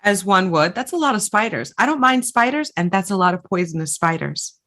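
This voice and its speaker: A woman co-hosting a podcast who chats casually, joking and reacting quickly. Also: mid-range voice, expressive, a bit bright. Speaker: podcast co-host. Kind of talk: casual chat.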